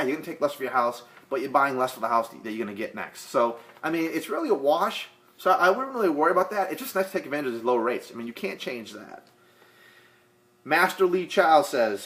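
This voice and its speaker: A real estate agent from the Boston area answers viewer questions in a casual vlog Q&A, rambling and joking with lots of fillers. His voice is a little high and fairly bright in tone.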